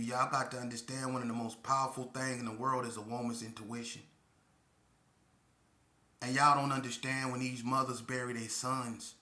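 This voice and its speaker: A man's voice: medium pitch, bright, forceful tone. A middle-aged man telling a story from his past in a casual, emphatic, streetwise monologue that turns preachy. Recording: echoey room.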